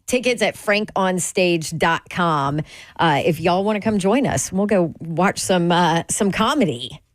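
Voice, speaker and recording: A woman's voice: lowish voice, lively intonation, unhurried, no echo. Upbeat lady radio host, dry close mic, casual chatter, plugging shows. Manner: upbeat, plugs events and asks questions. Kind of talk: casual radio interview chat.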